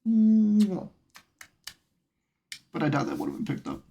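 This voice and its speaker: A woman's voice: medium pitch, wildly swooping pitch, a little slow, gravelly, mellow, highs cut off. A woman streaming from her room at home, chatting casually and talking in doting, playful baby talk to her pet. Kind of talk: casual live-stream chat.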